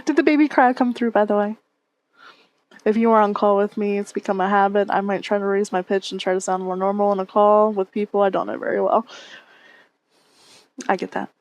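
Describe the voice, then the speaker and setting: A woman's voice: mid-range voice, fairly even intonation, brisk, pauses often. A woman streamer chatting casually with her viewers on a headset mic, reading and answering chat and laughing often.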